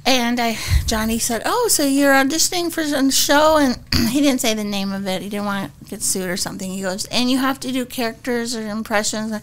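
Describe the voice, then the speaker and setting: A woman guest on a podcast, telling stories in an animated, giggly way and acting out what people said. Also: on the high side, fairly quick, hardly any pauses. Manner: giggly, acts out quotes. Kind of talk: animated storytelling.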